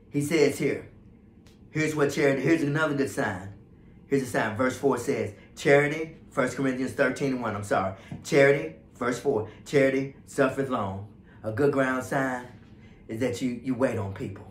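A male pastor preaching a fervent sermon, swinging from hushed passages to loud ones. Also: mid-range voice, normal speed, echoey room. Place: church sanctuary.

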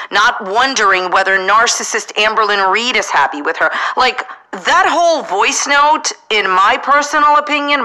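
A woman's voice: medium pitch, sharp tone, low-quality recording. A woman hosting a drama commentary, indignant and opinionated, who keeps saying "in my opinion.".

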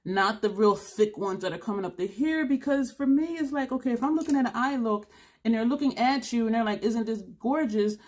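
A woman's voice: on the high side, fairly quick, darkish tone. Woman in her fifties, beauty vlogger, casual to-camera chat, blunt, rambling, giggly, tired. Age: 50s. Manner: chatty, blunt, laughs often, digresses.

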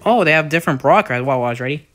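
A young man giving casual, rambling gameplay commentary with lots of fillers and sudden excited outbursts. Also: fairly high pitch, quick pace, faint music behind. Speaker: gaming YouTuber.

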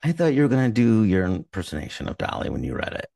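A man's voice: fairly low pitch, wildly swooping pitch, fast, gravelly, warm tone, no echo, clean studio sound, distant mic. A man co-hosting a podcast, bantering playfully and reading a short charity segment. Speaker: podcast co-host.

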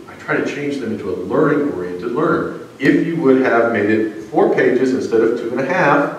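Brief: male pastor, chatty storytelling sermon with lots of uh's, mid-pitched, distant mic in a very echoey sanctuary. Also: expressive, normal speed. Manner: conversational, storytelling, frequent uh fillers. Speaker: pastor and college psychology teacher. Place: church sanctuary.

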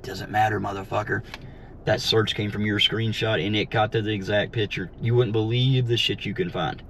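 A man's voice: fairly low pitch, level tone, moderate pace, a bit bright. Profane man ranting from his car. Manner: profane, heated, mocking. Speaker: vlogger. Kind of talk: ranting while driving. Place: inside a car. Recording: faint road noise in a car. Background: faint vehicle noise.

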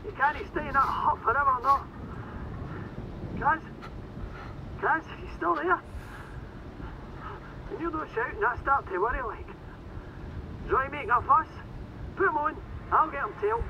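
A blunt Scottish radio voice. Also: female voice, high voice, measured pace, pauses often. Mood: urgent. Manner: blunt, urgent, swearing. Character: tough Scottish woman rig worker on the radio. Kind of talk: video game voice acting. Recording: muffled noisy radio line.

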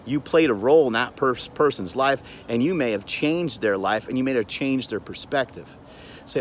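A man lectures straight into his phone in a blunt, preachy way, swearing freely as he pushes his point. His voice sits at an ordinary middle pitch. Faint street noise hums behind him outdoors. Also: lively intonation, normal speed. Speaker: gym owner and show host. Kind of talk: motivational monologue.

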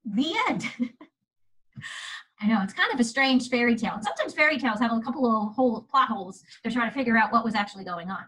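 A woman museum educator retelling a fairy tale to children, in an animated, chatty way, often asking her listeners questions. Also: a little high, very fast, hardly any pauses, rough recording. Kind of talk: storytelling lesson for children.

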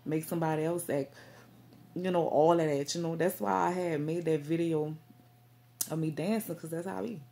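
A woman's voice: deep voice, steady tone, moderate pace, vocal fry, warm tone. A woman talking casually to her camera about faith, rambling with many fillers and repeats. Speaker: faith vlogger.

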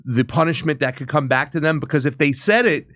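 A man with an average-pitched voice, recorded dry and close. He talks in an earnest, speculative way. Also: fairly quick, a bit bright, no echo. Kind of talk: casual chat.

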